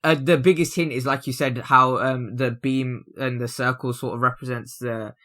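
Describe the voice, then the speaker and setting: A man's voice: medium pitch, fairly even intonation, normal speed, pushed and bright. A man co-hosting a casual review chat, rambling with many fillers and restarts. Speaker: review show co-host.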